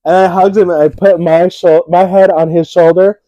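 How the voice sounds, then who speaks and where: Speaking at a moderate pace, a young co-host with a mellow, fairly high voice spins stories in casual chat, raising his voice to act out quotes with animation. The sound is close, dry and echo-free, though muffled.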